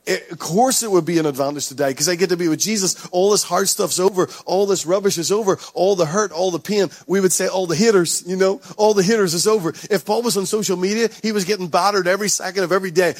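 An Irish man preaching to his church in a slightly higher voice, stacking phrase on phrase as he builds his point. He drops into light, joking asides between the heavier lines. The recording is close and dry, with no room sound around him. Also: quick pace, few pauses, no room sound. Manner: repetitive, building emphasis with playful asides. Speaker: pastor. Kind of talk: sermon.

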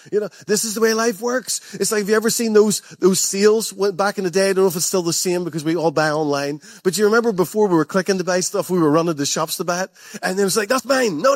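A man's voice: sits high, dry recording, studio quality. A man preaching a sermon as pastor, emphatic, repeating phrases and laughing often.

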